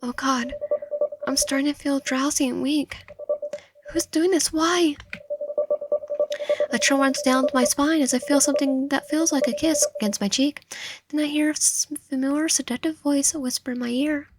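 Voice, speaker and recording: Woman reading a visual novel out loud, expressive, bit high, trips over words sometimes. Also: moderate pace, background noise. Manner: expressive first-person reading, with stumbles. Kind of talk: dramatic game read-through with asides.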